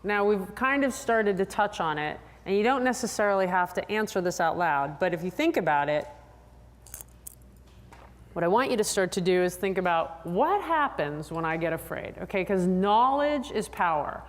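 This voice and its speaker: A woman psychologist giving a lively, chatty talk to a convention audience, drawing answers from the crowd. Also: moderate pace. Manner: animated, chatty, acts out riders in high voices. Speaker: sports psychologist presenter. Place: large convention hall. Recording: long hall reverb.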